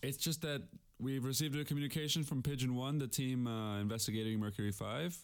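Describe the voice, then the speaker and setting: A man's voice: medium pitch, fairly even intonation, a little fast, natural voice. Man doing a stammering, apologetic officer. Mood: nervous. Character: nervous male subordinate officer. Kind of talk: improvised comedy sketch.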